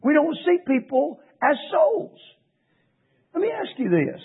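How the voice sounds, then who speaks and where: A man's voice: very high-pitched, big pitch swings, measured pace. A man preaching a sermon, pressing his listeners with impassioned rhetorical questions. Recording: tinny phone-like radio broadcast.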